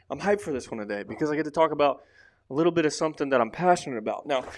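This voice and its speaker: A man with a fairly high, animated voice talks rapid-fire on his own podcast, close to the microphone in a dry recording. His casual solo talk rambles loosely and is full of fillers.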